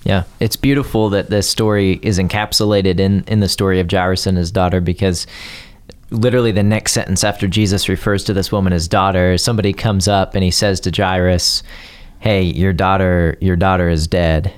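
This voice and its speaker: Deep-voiced man explaining scripture. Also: steady tone, a little fast. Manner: earnest, explanatory, building points in long chains. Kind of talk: casual Bible discussion.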